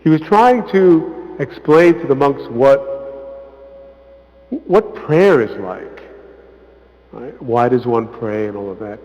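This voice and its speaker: A man, a visiting priest, giving an informal parish talk, conversational and often asking "right?", acting out quotes with lively emphasis. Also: mid-range voice, slow, long pauses. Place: church hall. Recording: echoey church hall, muffled sound.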